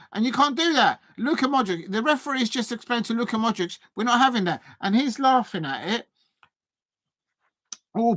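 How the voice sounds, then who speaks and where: A high-pitched man hosts a live football watch-along, chatting with viewers and reacting to the match. He gets excitable at big moments, sometimes shouting. There's no echo on the recording.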